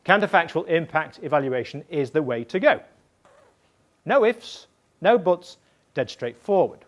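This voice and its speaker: A man teaching in a lecture style, going slowly, restating points and checking understanding with a questioning "yeah?". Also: on the high side. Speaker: evaluation trainer.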